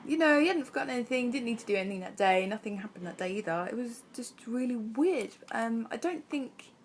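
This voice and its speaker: A young adult woman vlogger, her voice a little high and animated, tells a personal story at a quick pace. She rambles chattily with plenty of fillers, and the recording carries a little hiss or hum.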